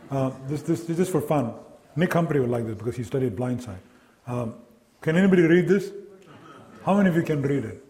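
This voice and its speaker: A man giving a lively academic lecture to a live audience, quizzing the listeners and acting out sounds and quoted voices. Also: medium pitch. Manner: lively, engaging, asks the audience questions.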